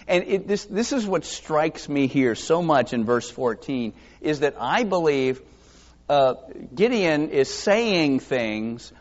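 Male pastor, lively and varied delivery, slightly high voice, dull lo-fi recording, casual sermon style. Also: takes it slowly. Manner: conversational, self-deprecating, acts out quotes. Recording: dull lo-fi sound.

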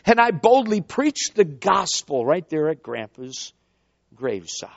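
A man's voice: fairly high pitch, unhurried, creaky, no room sound. A man preaching a sermon to a congregation, telling a story and calling out to the crowd. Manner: animated storyteller, calls out to the congregation. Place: church before a congregation. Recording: dull, lo-fi sound.

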